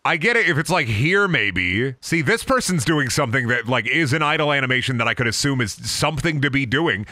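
A man's voice: mid-range voice, animated, brisk, hardly any pauses, sharp tone, no echo. A young man casually commentating his video game stream, swearing and riffing mockingly on what he sees.

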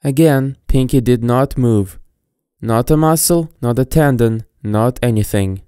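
Very deep, dark-voiced woman narrator. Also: measured pace, clean tone, no room sound, studio quality. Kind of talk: storybook narration of fan fiction. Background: faint background music.

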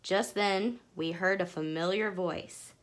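A woman reading a children's chapter book aloud in a gentle, expressive storytelling voice. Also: medium pitch, takes it slowly. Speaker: audiobook reader.

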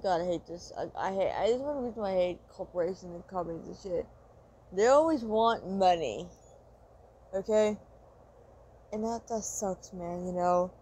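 A woman's voice: lowish voice, normal speed, warm tone, husky, muffled recording. A woman vlogger ranting to her viewers in a frustrated, profane, repetitive way. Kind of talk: angry rant to camera.

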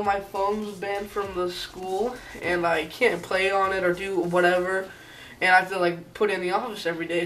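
A man's voice: sits high, fairly bright tone, distant mic, a little hiss or hum, low-quality recording. A teenage boy vlogger telling a school story in a rambling, profane, aggrieved way. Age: teens. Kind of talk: casual storytime rant.

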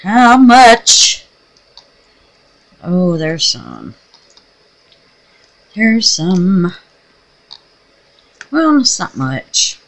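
A woman chatting casually to her viewers while she crafts, folksy and excitable, calling them babies and darlings. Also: on the low side, extremely slow, long pauses, poor audio. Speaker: resin craft vlogger.

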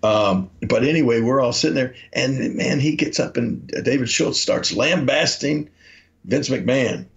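A man's voice: mid-range voice, animated, a little slow. A man, a podcast co-host telling rambling anecdotes and acting out the quotes in them. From Memphis, Tennessee. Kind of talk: casual storytelling. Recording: dull lo-fi audio.

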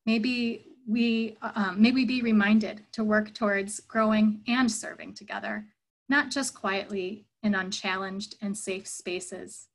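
A woman's voice: mid-range voice, fairly even intonation, takes it slowly, low-quality recording. A woman giving a reflective sermon at an online church service, earnest and thoughtful, telling a story.

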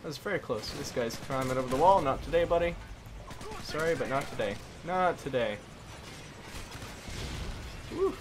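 With gunfire from the game in the background, a gaming commentator talks himself through his shooter play, trading swears for milder words. His voice is a little high and expressive, at normal speed with long pauses.

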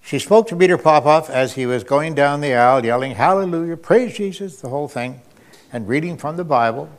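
A man telling an anecdote in a wry, unhurried way, often pausing with fillers and chuckling. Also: mid-range voice. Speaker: storyteller. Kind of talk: anecdotal talk.

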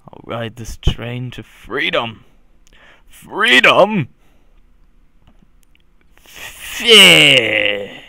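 A man doing goofy let's play commentary, joking along and bursting into loud yelps. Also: mid-range voice, very animated, extremely slow, gravelly, pauses often, no room sound, studio quality. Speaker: gaming commentator.

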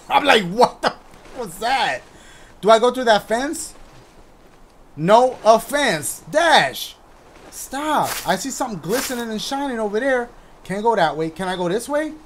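A man giving loud, excitable commentary as he plays a horror video game, shouting reactions and cracking jokes. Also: very high voice, measured pace, pauses often, a little hiss or hum. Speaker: gaming YouTuber. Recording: music playing behind the voice.

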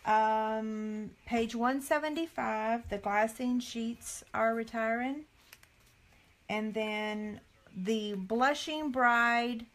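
A woman's voice: on the high side, a little hiss or hum. A middle-aged woman, chatting live with viewers as a craft demonstrator and reading items off a catalog, with frequent dismayed sighs. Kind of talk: casual live chat with viewers.

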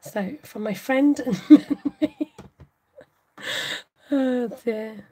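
A woman with a slightly high, mellow voice talks through a relaxed livestream craft tutorial. Her tone carries a light husky edge, and she chats freely and laughs easily between steps. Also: drawn-out words, low-quality recording. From United Kingdom. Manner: chatty, laughs often, reads viewer comments aloud. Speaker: craft channel host.

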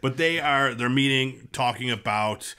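A man's voice: mid-range voice, unhurried, sharp tone, smooth. A man hosting a casual podcast chat, rambling with fillers and restarts and acting out quotes. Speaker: podcast host.

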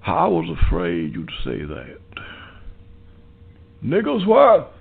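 A man playing a pompous, evil old southern gentleman who calls a talk show and orders his butler around. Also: on the high side, huge pitch swings, full character voice. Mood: smug. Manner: drawling, pompous, slow and creaky. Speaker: caller. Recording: lo-fi phone-like sound.

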